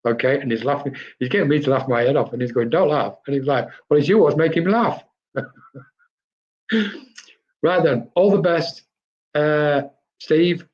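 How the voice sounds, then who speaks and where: A man's voice: on the high side, normal speed, pauses often, darkish tone. A man, a medium, giving chatty spirit readings on a live stream and addressing viewers by name. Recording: dull lo-fi stream audio.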